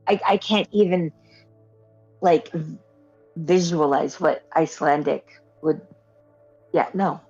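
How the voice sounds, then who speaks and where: A woman co-host with a husky, fairly low voice asks questions in a hesitant, halting way. Her sound is dull and lo-fi. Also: darkish tone, faint music behind. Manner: hesitant, many fillers and restarts. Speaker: podcast co-host. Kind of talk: casual podcast chat. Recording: muffled lo-fi audio.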